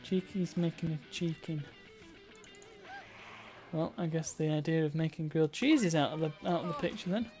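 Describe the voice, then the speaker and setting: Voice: medium pitch, normal speed, long pauses, a little mellow, soft background music. A streamer giving chatty live gameplay commentary, thinking aloud and breaking into playful cheers.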